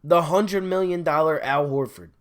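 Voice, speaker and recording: A man's voice: a little high, normal speed. A man hosting a sports podcast, delivering an exasperated solo fan rant, repeating his complaints over and over. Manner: exasperated, repetitive ranting.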